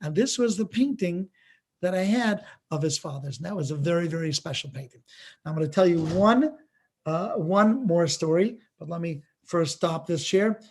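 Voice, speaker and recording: A man's voice: a little high, moderate pace. A man, a rabbi, telling stories in a live-streamed art lesson, acting out quoted dialogue over a video-call mic. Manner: lively storyteller, acts out quoted dialogue.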